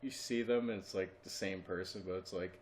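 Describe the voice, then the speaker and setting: A man co-hosting a podcast in casual chat, blunt and quick to swear, talking at home. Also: low voice, steady tone, a little hiss or hum. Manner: blunt, swears, laughs along. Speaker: podcast co-host.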